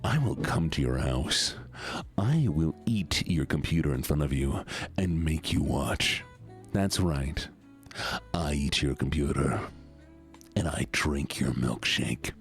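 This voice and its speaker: A man voicing a male goblin king who is menacing and silly, with a deep, gravelly, drawn-out delivery. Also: expressive, faint music behind, exaggerated voice. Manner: mock-threatening, drawn out. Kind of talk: live stream bit.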